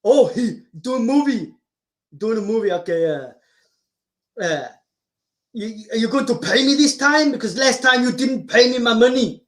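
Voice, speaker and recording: A man's voice: very high voice, lively intonation, moderate pace, a bit bright. A man doing a barking action-hero impression. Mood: confused, complaining. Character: impression of a famous muscular action star, male.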